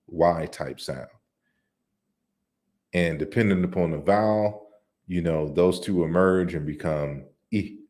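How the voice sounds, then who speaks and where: A man giving an online lecture on word forms, explaining slides deliberately with frequent restarts. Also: low-pitched, darkish tone. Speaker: lecturer on African languages.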